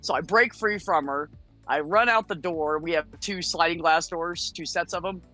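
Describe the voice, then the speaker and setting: A woman's voice: lowish voice, moderate pace, soft background music. Brash, foul-mouthed woman telling a story. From United States. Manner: blunt, profane, animated storytelling. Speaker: guest. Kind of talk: casual storytelling on a chat show.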